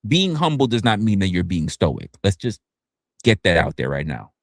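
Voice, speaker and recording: A man's voice: normal speed, creaky, dry recording, clean studio sound. A man hosting a casual livestream, talking loosely and profanely and often stumbling and restarting his words. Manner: animated, swinging pitch up and down. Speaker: livestream host.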